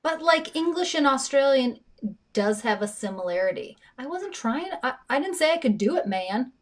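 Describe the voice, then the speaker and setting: A woman's voice: high-pitched, big pitch swings, normal speed. A young woman from the American Midwest co-hosting a casual chat, teasing and laughing at herself. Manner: laughing, self-deprecating. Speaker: co-host.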